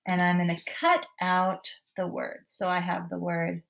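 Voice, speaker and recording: A woman teaching a writing lesson to young children, speaking slowly and clearly and sounding out each word with encouragement. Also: lowish voice, completely flat delivery, fairly bright tone.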